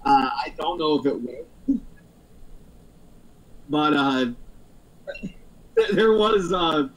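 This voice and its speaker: A man's voice: fairly high pitch, animated, very slow, low-quality recording. A man hosting a casual podcast chat, rambling through stories with lots of fillers and frequent laughs. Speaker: podcast host.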